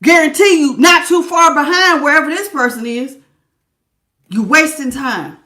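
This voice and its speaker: A woman's voice: sits high, moderate pace, bright, forceful tone, roomy sound. A woman giving a live tarot reading, scolding her listeners with blunt tough love in slangy casual talk and calling them baby. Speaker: tarot reader.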